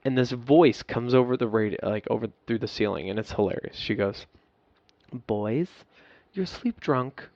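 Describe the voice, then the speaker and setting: A man's voice: fairly low pitch, fairly even intonation, a little fast, creaky, hardly any pauses, darkish tone, no echo, dull audio. A man telling an emotional, profane story as a podcast guest, laughing at himself. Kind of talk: candid storytelling.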